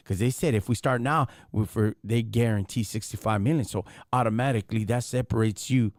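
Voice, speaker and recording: A man's voice: lowish voice, fairly quick, hardly any pauses, no echo, clean studio sound. A man hosting a casual live stream. He talks in street slang and keeps firing rhetorical questions.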